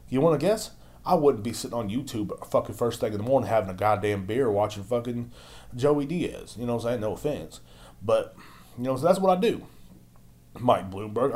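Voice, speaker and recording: A young man hosting a podcast at home, ranting in a crude, exasperated way and swearing constantly. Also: mid-range voice. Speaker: podcast host. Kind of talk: profane ranting monologue. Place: at home, drinking beer.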